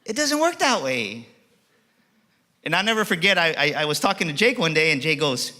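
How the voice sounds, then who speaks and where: A man giving a motivational keynote speech to a live audience, energetic and acting out dialogue in changing voices. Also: a little high, moderate pace. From Texas. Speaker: motivational speaker. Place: auditorium.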